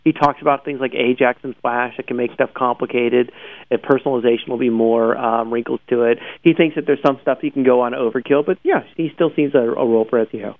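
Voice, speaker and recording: Calling in over a tinny phone line, a man hosts a daily search news show in casual chat. His mid-range voice moves fast and sounds dry; he's talkative, laughs often and tosses in animated asides.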